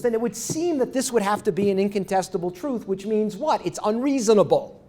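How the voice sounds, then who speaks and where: A man's voice: high voice, a little mellow. A middle-aged man giving an academic lecture, often restarting phrases and checking with the audience. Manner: rambling restarts, asks the audience "right?". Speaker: university lecturer.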